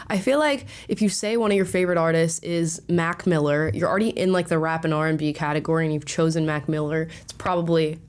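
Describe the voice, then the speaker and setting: Young woman, lowish voice, chatty reaction host, lots of laughing. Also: fast talker, hardly any pauses, clear, resonant tone. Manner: chatty, opinionated, laughs often. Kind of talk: casual commentary.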